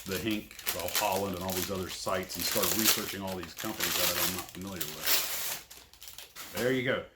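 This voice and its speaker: A man unboxing scale model kits in casual commentary, rambling and self-deprecating. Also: low-pitched. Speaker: scale model kit reviewer. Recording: echoey room, faint noise.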